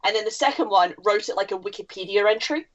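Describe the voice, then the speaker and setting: A woman chats on a podcast, giving opinions in a wry tone and swearing freely. Her voice sits at a mid pitch for a woman. The recording is dull and lo-fi. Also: quick pace. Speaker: podcast co-host. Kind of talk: casual chat.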